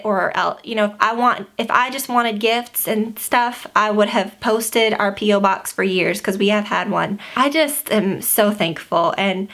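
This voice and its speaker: A woman's voice: medium pitch, fairly bright tone. A young woman chatting casually to camera as a beauty vlogger, filling her talk with "like" and "you know.". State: pregnant.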